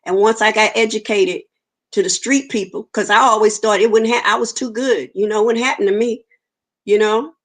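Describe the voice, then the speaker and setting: A woman's voice: medium pitch, fairly even intonation, fairly quick. A woman, giving an earnest personal testimony in an interview and acting out the dialogue she quotes. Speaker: interview guest.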